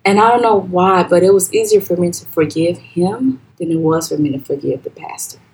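As a guest on a podcast, a young Liberian-accented woman shares her personal story in a low, soft, hesitant voice, with many pauses and restarts. Quoting other people, she raises her voice high and loud. The recording is rough.

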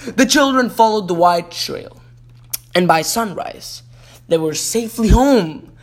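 Chatty man reading a kids' story, slow. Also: high-pitched, animated. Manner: chatty, stumbles and corrects himself. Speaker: podcast host.

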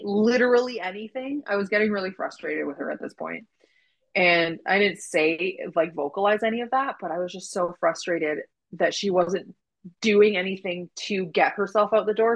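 A woman with a slightly low voice recounts a story in casual podcast chat. She acts out the quoted lines as she goes and keeps a relaxed, conversational pace. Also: normal speed, rough recording. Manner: animated retelling with quoted dialogue and laughs. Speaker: doula telling her story.

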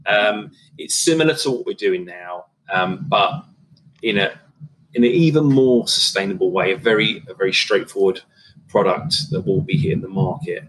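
A man's voice: low voice, normal speed, slight background noise, rough recording. A middle-aged man, a catering business owner, chatting casually in an interview with lots of fillers and restarts. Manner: relaxed, rambling, many fillers and restarts.

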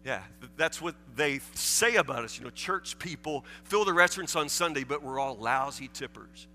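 A man's voice: on the high side, animated, normal speed, bright, forceful tone, a little hiss or hum. A man, preaching a folksy, self-deprecating sermon in a large church, recorded with long hall reverb. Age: 40s. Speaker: pastor. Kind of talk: sermon with storytelling.

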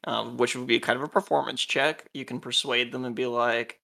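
A man's voice: mid-range voice, steady tone, brisk, creaky, bright, forceful tone. A man acting as game master of a tabletop role-playing game, patiently explaining rules to a new player.

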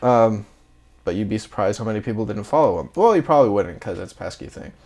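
A man with a fairly low voice tells long, rambling stories from his time at sea in easy, casual chat. He acts out what his coworkers said and laughs along as he goes. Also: expressive, fast, darkish tone. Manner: rambling storyteller who acts out dialogue and laughs. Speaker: guest, marine engineer.

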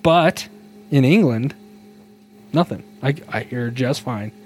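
An upbeat, talkative man chatting casually on a podcast, with a voice of average pitch for a man. He laughs easily and fills his speech with little pauses and fillers. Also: expressive, a little mellow, soft background music. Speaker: podcast co-host.

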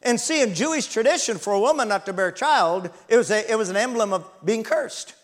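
A man's voice: high-pitched, animated, a little fast. A man in his sixties preaching a sermon, reading scripture dramatically and calling the congregation to respond. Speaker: pastor.

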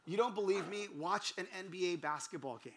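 A man's voice: high-pitched, brisk, a little hiss or hum. A gregarious, outgoing man preaching a sermon series, telling stories and acting out the voices of the people in them. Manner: storytelling, acts out quoted voices.

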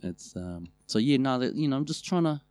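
Talking fairly quickly in a medium-pitched voice, a New Zealand-accented man shares comic tales about his family on a podcast he co-hosts. The chat is loose and full of swearing, his storytelling animated, with no room sound audible.

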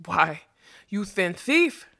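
A woman voicing a coarse, mocking male carnival brute with a gruff, taunting manner. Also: lowish voice, animated, moderate pace, fairly bright tone, dry recording, clean studio sound.

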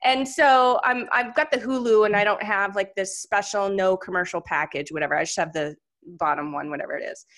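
A woman's voice: mid-range voice, fairly quick, hardly any pauses. A woman hosting a podcast, chatting casually and telling stories with enthusiasm. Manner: enthusiastic, animated storyteller. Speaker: podcast host.

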